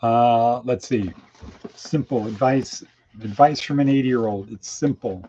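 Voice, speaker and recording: On a dull lo-fi recording with faint hiss, a daily podcast host delivers a casual, folksy monologue of plain-spoken idioms. He speaks at medium pitch, a little slowly, with a dark tone.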